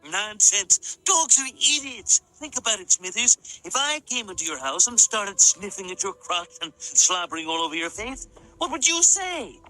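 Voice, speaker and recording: A man's voice: high-pitched, big pitch swings, moderate pace, sharp tone, soft background music, exaggerated voice, poor audio. An actor playing a scheming elderly male tycoon in a cartoon, with a reedy, sneering, haughty voice. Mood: disdainful. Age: over 60. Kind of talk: cartoon clip.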